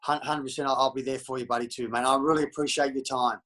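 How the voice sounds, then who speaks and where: A man's voice: medium pitch, fairly even intonation, fast, a bit bright, poor audio. A middle-aged Australian man talking bluntly and profanely in a candid interview, calling everyone mate. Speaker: interview guest.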